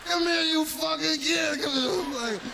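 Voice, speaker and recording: A comedian acting out a loud, amused older male mobster boss who talks in a rough, bossy, profane way. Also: very high-pitched, measured pace, a loud crowd, pitched above the performer's own voice, heavily acted. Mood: roaring amusement.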